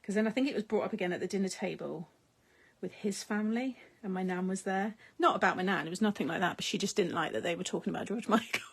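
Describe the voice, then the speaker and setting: Crafting on a live stream, a middle-aged woman from the United Kingdom chats casually and responds to viewer comments. She talks fast in a medium-pitched, creaky, slightly rough voice, rambling along with lots of laughter and unfinished sentences.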